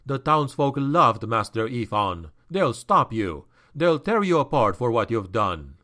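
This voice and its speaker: A man's voice: medium pitch, big pitch swings, a little slow, sharp tone. A man voicing a defiant young male captive who snarls his words in an audiobook. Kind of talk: audiobook character voice.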